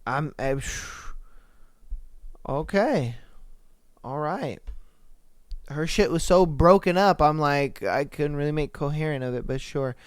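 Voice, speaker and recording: Young guy podcaster reading stories slow, swears a lot, smooth voice, dry close sound. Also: a little high, no room sound. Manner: animated, swearing, loud outbursts. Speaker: podcast host.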